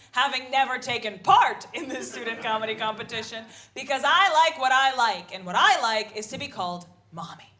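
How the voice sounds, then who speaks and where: A woman in her thirties performing a live stand-up set, animated and quick to jump into loud put-on voices. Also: fairly high pitch. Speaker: stand-up comedian. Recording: live comedy club with audible noise.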